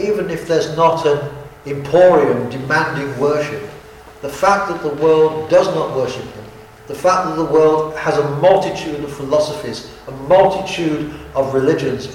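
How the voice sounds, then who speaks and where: A man's voice: on the high side, darkish tone, slight background noise. A man preacher giving a sermon in an earnest, emphatic style that keeps repeating key phrases. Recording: very echoey hall, from far off.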